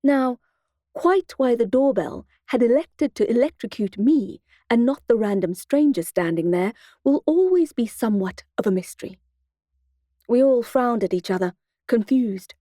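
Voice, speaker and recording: A woman's voice: a little high, lively intonation, normal speed, dark tone, dry recording. A woman narrating an urban fantasy audiobook in the first person, in a wry, dry storytelling manner.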